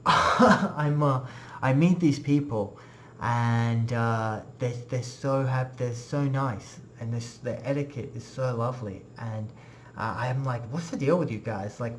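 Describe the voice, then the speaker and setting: A man's voice: medium pitch, slight background noise. A young man giving a casual, earnest personal testimony in a web class, rambling with many fillers.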